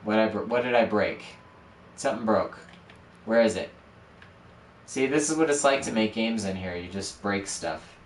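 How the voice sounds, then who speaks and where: A man with a lowish voice talks at a normal speed with long pauses, casually live-streaming his game-building work and poking fun at himself as he narrates each step. A dog barks in the room, and the recording has a roomy echo, a slight hiss or hum, and a mic placed a bit far away.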